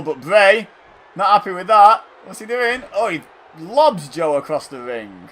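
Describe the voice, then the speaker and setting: A man with a mid-range voice casually calls the action in a wrestling video game, yelling out loud exclamations and then turning to dry asides. There's slight background noise.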